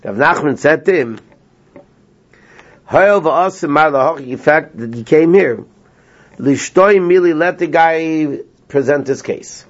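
A man teaching a small class, retelling a story with lively energy and translating as he goes. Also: fairly high pitch, measured pace. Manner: animated storyteller, translating line by line, laughs often. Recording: lo-fi dull sound.

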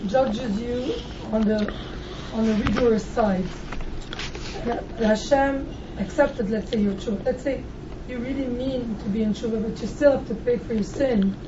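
A woman asks probing, thoughtful questions, her voice fairly high. She sounds far from the mic, with a dull lo-fi sound and clear background noise. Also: unhurried, echoey room. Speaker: student asking questions. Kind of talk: questioning in conversation.

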